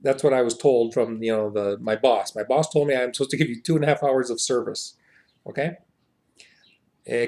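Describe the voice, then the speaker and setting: A young man reading a short story aloud and loosely translating it, rambling and hesitant, with asides as he thinks aloud and quoted lines read louder and higher. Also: steady tone, moderate pace.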